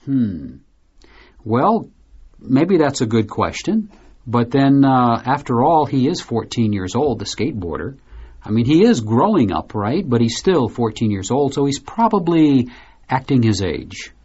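A man from the United States hosting a radio English lesson, explaining a story and asking questions in a relaxed way. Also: medium pitch, unhurried, husky, lo-fi sound. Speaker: English teacher and host.

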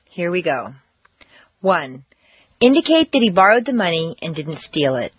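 A woman narrating a pronunciation lesson on an audio course, speaking clearly and deliberately with exaggerated word stress. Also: on the low side, big pitch swings, no room sound, highs cut off. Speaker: pronunciation teacher. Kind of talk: scripted language-course narration.

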